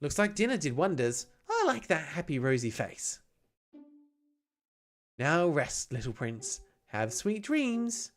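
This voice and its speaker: A woman voicing a gentle young babysitter. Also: low-pitched, sing-song, slow, voice pushed down, full character voice. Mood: caring.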